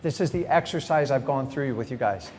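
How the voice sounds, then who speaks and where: A middle-aged man teaching a live seminar. He is energetic and direct, often questions the audience and then answers himself. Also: mid-range voice, fairly quick. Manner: energetic, direct, acts out sample conversations. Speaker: real estate investing trainer. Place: large event hall with a live audience. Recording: echoey hall, faint background noise.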